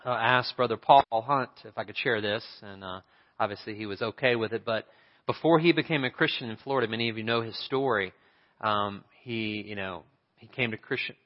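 A man's voice: mid-range voice, long reverb tail, lo-fi sound. A male pastor preaching a sermon, telling a story in a conversational way and putting questions to the congregation. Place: church sanctuary.

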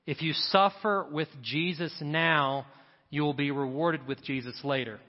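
A middle-aged male pastor preaches with a slightly raised voice, pushing his points with rising emphasis and quick asides to the crowd. The sound is a little dull, and each line rings out with long reverb from a large church hall. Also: a little high, fairly even intonation. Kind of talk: sermon.

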